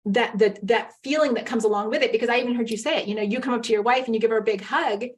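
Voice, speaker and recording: A woman's voice: a little high, racing. Earnest female marriage coach. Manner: earnest and explanatory, acts out quoted lines. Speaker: marriage coach, podcast guest. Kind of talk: casual interview chat.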